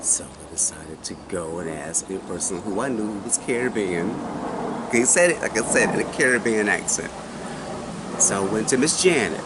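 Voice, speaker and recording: A man in his forties telling a personal story in casual chat, animated and often asking his listener questions. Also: fairly low pitch, normal speed. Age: 40s. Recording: noisy recording.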